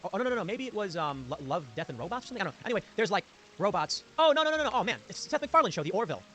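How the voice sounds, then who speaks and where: A man hosting a live stream, reading online posts aloud and reacting with quick exclamations. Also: high voice, very animated, sharp tone, a little hiss or hum. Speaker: host. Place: home studio on a live stream.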